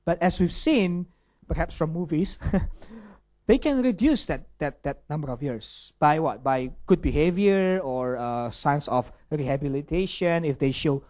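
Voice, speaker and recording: A man's voice: on the high side, expressive, a little slow, a little mellow. Pastor, questioning his flock. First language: Indonesian. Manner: checks in with the audience through rhetorical questions. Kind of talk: sermon.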